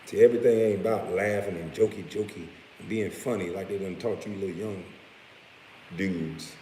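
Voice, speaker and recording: Deep-voiced man ranting bluntly. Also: normal speed, dark tone. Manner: blunt and profane, with laughing asides. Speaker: vlogger. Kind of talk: profane rant vlog. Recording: roomy echo with faint hiss.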